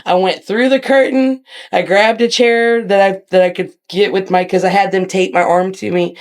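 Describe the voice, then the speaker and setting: A woman telling animated, profane stories in a casual interview as a guest, acting out quotes with big jumps in her voice. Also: mid-range voice, moderate pace. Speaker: guest wrestler.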